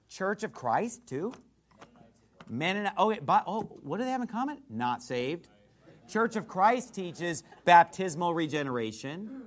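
A male pastor preaching with fire and scorn, his voice pitched high and swinging widely up and down. He hammers points home with emphatic repetition. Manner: fiery, mocking and emphatic preaching. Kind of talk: sermon.

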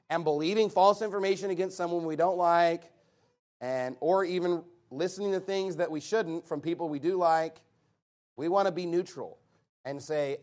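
A man preaching a sermon, emphatic and blunt, driving points home with rhetorical questions he answers himself. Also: on the high side.

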